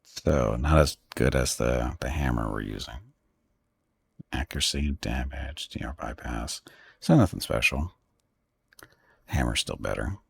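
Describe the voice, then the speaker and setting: A man's voice: extremely low pitch, expressive, a little slow, gravelly, long pauses, breathy edge, no room sound. A man streaming a video game, thinking aloud in offhand, muttered commentary. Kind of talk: casual gameplay commentary.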